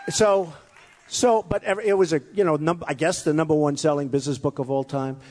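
A man's voice: fairly high pitch, fairly even intonation, brisk, darkish tone. A man giving a rambling, boastful campaign speech at an event, often repeating himself. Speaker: candidate speaking at a campaign event. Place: large hall with a crowd. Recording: long hall reverb.

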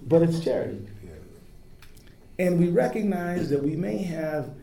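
A man's voice: on the high side, vocal fry, dark tone. A man giving an earnest, emphatic public speech at an interfaith event. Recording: echoey room with faint noise.

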